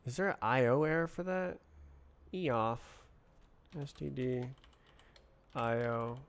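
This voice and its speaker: A man talks to himself while programming on a live stream, trailing off into half-finished thoughts. His voice is smooth and clear, and he speaks at an unhurried, slow pace with plenty of pauses. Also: mid-range voice. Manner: halting, muttering to himself. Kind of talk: thinking aloud while coding.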